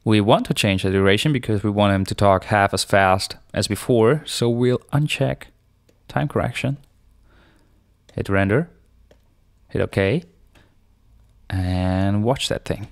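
A man hosting a screencast software tutorial, explaining each step in a relaxed, unscripted way with small fillers. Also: fairly low pitch, unhurried, pauses often, no echo, clean studio sound.

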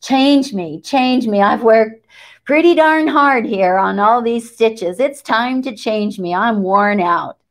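A woman's voice: on the high side, slow. A woman voicing a worn-out sewing needle that pleads to be changed, in a raised, pleading voice. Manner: pleading, insistent.

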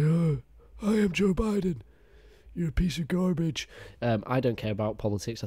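Low-voiced, crude, sarcastic male commentator. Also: no room sound. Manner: crude, mocking, deadpan asides. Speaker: YouTube commentator.

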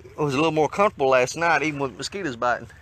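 A man casually talking to the camera while fishing on a riverbank, hot and a little out of breath, folksy and quick to grumble. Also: fairly high pitch. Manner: folksy, excitable, swears mildly at fish. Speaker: fishing vlogger. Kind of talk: casual outdoor vlog. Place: outdoors on a riverbank. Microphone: handheld camera mic.

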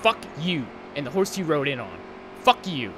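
A man gives live commentary over a racing game and vents his frustration in a steady stream of profanity. His voice sits a little higher than most men's. Loud engine roar from the game runs under everything he says. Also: moderate pace. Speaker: gaming channel host. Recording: race car engine noise behind. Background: racing game engine sounds.

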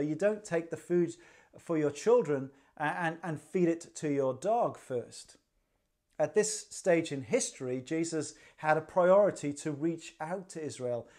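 A man's voice: fairly high pitch, a little mellow. A man preaching a livestreamed sermon, conversational and dryly humorous, with rhetorical questions. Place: church livestream.

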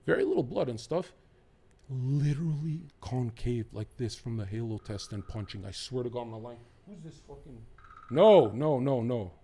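A man chatting as a podcast guest, excitable and boastful, swearing freely and jumping between topics. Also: mid-range voice, normal speed, breathy edge. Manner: profane and boastful. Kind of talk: casual podcast chat.

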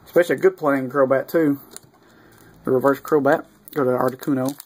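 A man giving casual unboxing commentary, reading off cards one by one with easygoing, mildly excited asides and fillers. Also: mid-range voice, brisk, breathy edge. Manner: easygoing, reads off cards one after another. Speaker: video creator opening card packs.

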